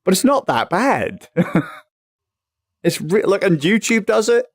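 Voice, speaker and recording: A man's voice: high-pitched, big pitch swings, takes it slowly, no echo. A young man from England ranting in casual chat on a livestream, swearing freely and rambling. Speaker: livestream host.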